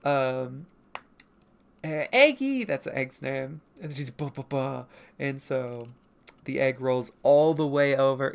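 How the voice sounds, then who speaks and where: A woman's voice: sits low, vocal fry, darkish tone. A woman comic artist chatting on her livestream about her old drawings, rambling and self-mocking. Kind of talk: casual livestream chat.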